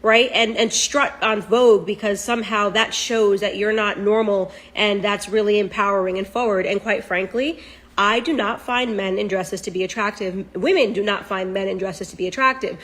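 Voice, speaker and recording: A woman's voice: medium pitch, steady tone, normal speed, a bit bright. A woman giving blunt, emphatic opinion commentary in a lecturing tone. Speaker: political commentator.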